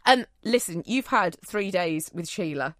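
A British woman co-hosting a chatty podcast, playful and quick to laugh as she reads out listener messages. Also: on the low side, animated, a crowd in the background. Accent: British English. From Britain. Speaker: podcast co-host. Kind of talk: casual podcast chat.

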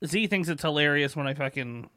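Loud, laughing man on a podcast. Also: on the high side, fairly quick, no echo, clean studio sound. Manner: loud, laughing, swears freely. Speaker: podcast co-host. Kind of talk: casual podcast banter. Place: podcast studio.

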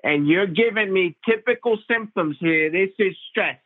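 Man doing an excitable, insistent Long Island family doctor, pitched up high, heard over a dry phone-like line. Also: moderate pace, dry recording. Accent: Long Island New York. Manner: insistent, emphatic, repeats his point. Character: blunt excitable older male family doctor.

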